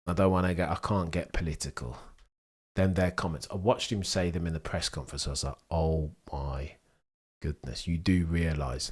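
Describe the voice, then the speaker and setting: A young British man hosting a live sports watchalong, chatting with viewers and reacting to the race in a rambling, excitable way. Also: rumbling low, husky. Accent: British English. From England. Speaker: livestream host. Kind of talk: live sports watchalong commentary, reading chat.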